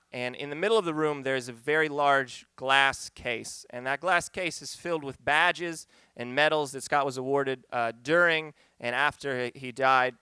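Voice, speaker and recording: A man's voice: a little high, sharp tone, clear, resonant tone, dry recording. A man telling a personal story live on a pub stage, conversational and wry, turning earnest.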